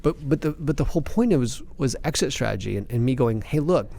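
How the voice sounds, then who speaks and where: A man in passionate podcast talk, fired up and emphatic, ranting with quick restarts. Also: mid-range voice, animated, vocal fry, dark tone. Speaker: company CEO, podcast guest expert.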